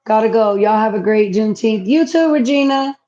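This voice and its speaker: A woman's voice: fairly high pitch, brisk, warm tone, lo-fi sound. A woman chatting casually to viewers on a home livestream, reading comments aloud. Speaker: livestream host. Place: home, indoors.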